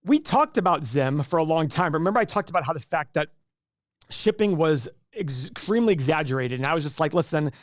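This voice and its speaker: A man's voice: a little high, animated, fairly quick, no room sound, clean studio sound. A man hosting a casual live stream and answering viewer questions in a chatty, rambling way with frequent restarts. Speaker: livestream host.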